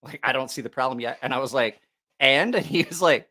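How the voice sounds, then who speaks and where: A man hosting a casual livestream chat, telling a profane story with lots of laughter and animated asides. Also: mid-range voice, brisk. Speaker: knife channel host.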